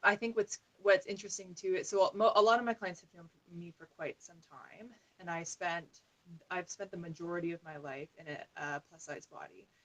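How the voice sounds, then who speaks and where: Animated woman guest with a bright voice. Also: fairly low pitch, normal speed, rough recording. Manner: animated, frequent "like". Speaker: wellness coach guest. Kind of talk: conversational podcast interview.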